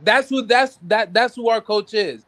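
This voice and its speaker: A man's voice: sits high, measured pace, fairly bright tone. A man co-hosting a casual sports talk show, ranting in heated frustration, swearing and stumbling over his words. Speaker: podcast co-host.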